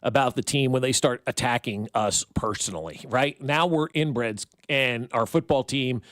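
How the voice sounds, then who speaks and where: A man's voice: medium pitch, normal speed, a bit bright, dry recording. Brief: middle-aged male sports radio host, opinionated and ranting, dry close studio sound. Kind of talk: morning sports talk radio banter.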